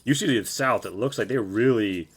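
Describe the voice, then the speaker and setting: A man's voice: lowish voice, brisk, husky. A man narrating as game master of a tabletop game, rambling loosely with many fillers.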